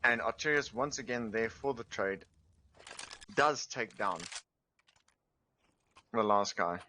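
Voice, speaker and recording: A man's voice: medium pitch, slow. A man giving live play-by-play commentary on an esports match. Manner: steady play-by-play. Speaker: esports caster. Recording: faintly noisy stream audio.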